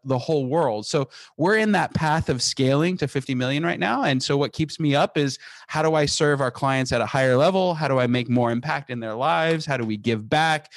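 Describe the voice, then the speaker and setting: Business founder guy on an interview, punchy and energetic, keeps restarting sentences, dry close sound. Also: fairly high pitch, no room sound. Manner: emphatic, energetic, frequent restarts. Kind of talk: casual interview talk.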